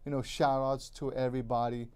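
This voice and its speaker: A man talking casually about movies on a public access show. His voice is mellow and a little dark, at an ordinary pitch. He rambles, circles back to the same names and restarts his sentences often. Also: level tone, brisk, clean tone. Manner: rambling, repeats himself, lots of restarts. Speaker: cable access show co-host.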